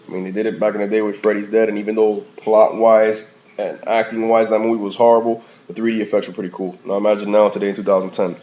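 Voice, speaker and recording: A man's voice: on the low side, level tone, quick pace, hardly any pauses, warm tone. A man giving a casual, rambling movie review in slangy talk, often calling the listener "man" or "bro". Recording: slightly dull lo-fi recording.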